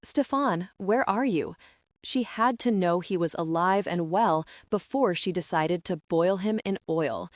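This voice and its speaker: A woman reads novel narration at a steady, even pace. Her voice sits fairly low, and the recording is dry and close, with no room sound. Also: measured pace, few pauses, no room sound. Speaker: audiobook narrator. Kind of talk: scripted audiobook narration.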